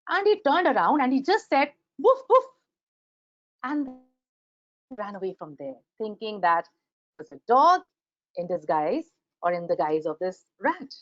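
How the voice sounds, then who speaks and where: Here a woman with a mid-range voice and an Indian English accent gives a grammar lecture over a webinar at a moderate pace. Animated throughout, she acts out each example sentence. Captured on a computer microphone on a video call, the recording is muffled, with no room sound.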